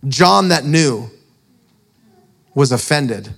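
A man's voice: mid-range voice, lively intonation, extremely slow, vocal fry, fairly bright tone. A man preaching a storytelling sermon, chatty and self-mocking, often laughing at his own story. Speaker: preacher and author.

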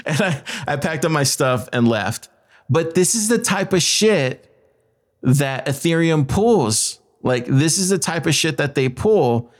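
A man's voice: medium pitch, animated, normal speed. A man hosting a podcast, retelling a story in a heated, profane rant and acting out the other people's lines in quoted voices. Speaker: podcast host.

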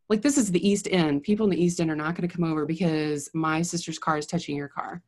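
A woman psychologist casually telling a story in a chatty, animated way, with lots of "like". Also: deep voice, quick pace, few pauses. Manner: chatty, animated, heavy use of "like".

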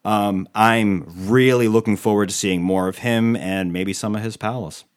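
A man's voice: on the low side, fairly even intonation, measured pace. A man on a podcast panel, rambling enthusiastically in casual chat. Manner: enthusiastic, rambling fan talk.

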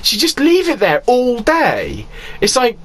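A man chatting casually as a podcast co-host, animated and swearing, laughing often. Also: very high voice, takes it slowly, breathy edge.

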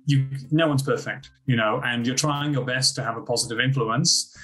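A man with an Australian accent, a school principal telling lively stories as a podcast guest. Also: mid-range voice, normal speed, low-quality recording. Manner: animated anecdotes with acted-out quotes. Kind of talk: casual interview storytelling.

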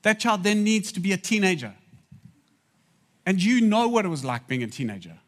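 A man's voice: high voice, animated, moderate pace. A man preaching a sermon in a conversational way, making asides to the audience.

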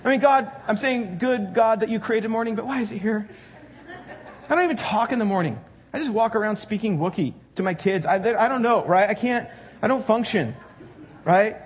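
A man preaching a sermon to his church congregation, in a conversational, joking way that puts questions to the crowd. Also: high voice. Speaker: pastor.

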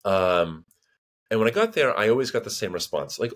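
A man's voice: medium pitch, a little fast. An American man in his thirties, a linguist guest in a casual interview, telling stories with lots of fillers and acting out other people's voices. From United States. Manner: animated storyteller, acts out quoted voices, frequent fillers.

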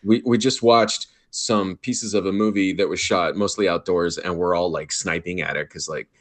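Man, low voice, casual podcast chat, swears a lot, laughs easily, stammering restarts. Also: fairly even intonation, normal speed. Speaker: podcast guest, film festival organizer.

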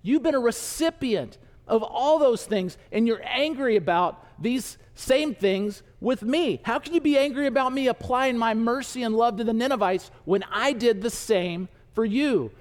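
A man's voice: very high voice, animated, moderate pace, big-room sound, pitched above the performer's own voice. A man voicing God as a patient, loving father figure who pleads earnestly. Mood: pleading.

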